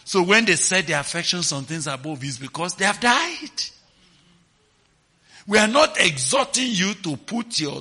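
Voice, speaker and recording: A man preaching a sermon, swinging between quiet, slow lines and sudden shouts, often asking the listeners if they understand. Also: mid-range voice, slightly rough.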